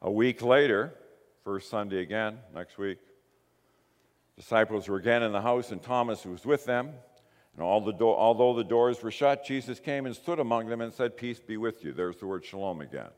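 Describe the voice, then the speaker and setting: A man preaching a sermon, telling the story in a lively way and acting out the quoted lines. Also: lowish voice, normal speed. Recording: long hall reverb.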